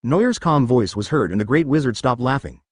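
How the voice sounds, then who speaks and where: In this clip a computer-generated male voice narrates a fan story at normal speed, animated and swinging widely in pitch. It sounds close and dry, without echo, and reads censored terms as letters and asterisks.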